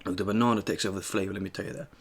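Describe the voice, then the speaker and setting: A young man eating on camera and telling a story in a casual, animated way, swearing freely as he acts out an argument at a shop. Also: low voice, very fast, vocal fry, a little hiss or hum. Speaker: mukbang host.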